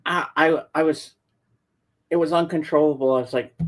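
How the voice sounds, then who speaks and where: A man's voice: fairly high pitch, fairly even intonation, normal speed. A man co-hosting a podcast in casual chat, telling stories in an easygoing way. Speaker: podcast co-host.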